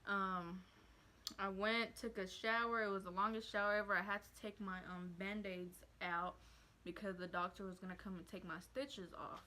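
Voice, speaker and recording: Bright-voiced young woman vlogging. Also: medium pitch, steady tone, normal speed. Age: young adult. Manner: rambling, heartfelt, many fillers. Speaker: vlogger, new mother. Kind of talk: casual story time.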